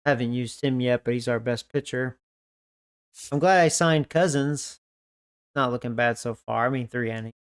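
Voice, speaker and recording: A man's voice: medium pitch, normal speed, clear, resonant tone, dry recording, studio quality. A man giving casual, profanity-laced commentary on a baseball video game, grumbling about his team. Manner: profane, grumbling, frustrated asides. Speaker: gaming video creator.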